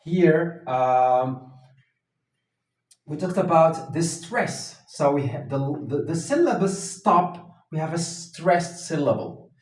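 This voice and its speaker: Guy teaching grammar, slow and halting, lots of uhs, sounds far off the mic in a roomy classroom. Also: a little high, animated. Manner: slow and halting, with many fillers and restarts. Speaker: English teacher. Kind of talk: grammar lesson at a whiteboard. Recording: echoey room, voice from off the mic.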